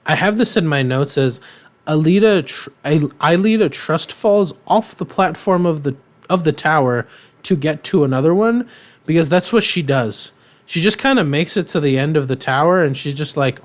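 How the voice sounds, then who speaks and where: Rambling man recapping a cartoon. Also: on the high side. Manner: rambling, filler-heavy, irreverent; acts out characters' lines in quotes. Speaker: podcast co-host. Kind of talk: casual episode recap.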